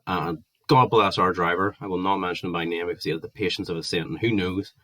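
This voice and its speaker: A young Northern Irish man with a deep, low voice vents into the camera. He rants with exasperation and swears heavily. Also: steady tone, fast talker, pushed and bright. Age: 20s. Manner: heated, sweary, exasperated ranting. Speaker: vlogger. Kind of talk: angry ranting monologue.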